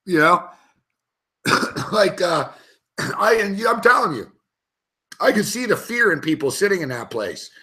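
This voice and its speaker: A young man with a high voice tells a rambling, animated anecdote as a panelist on a chat show, swearing constantly. He speaks at a measured pace and pauses often.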